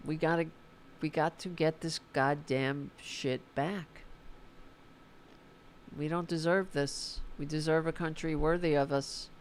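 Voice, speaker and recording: A woman's voice: sits low, steady tone, slow pace, a little hiss or hum. A tired woman hosting a political livestream, chatting casually and swearing as she reads the chat and signs off. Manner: informal and profane, fired-up about politics.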